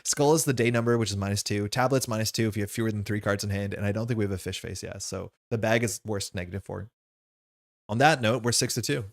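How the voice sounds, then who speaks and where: A man's voice: fairly low pitch, fast, creaky. A man playing a card game on stream, thinking aloud as he explains the rules and his choices in a casual way.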